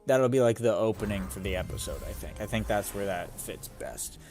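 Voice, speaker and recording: A man's voice: fairly low pitch, a little fast, a little mellow. A man streaming a game, chatting casually in a rambling way and swearing often. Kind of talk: casual live-stream chat while gaming. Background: game music.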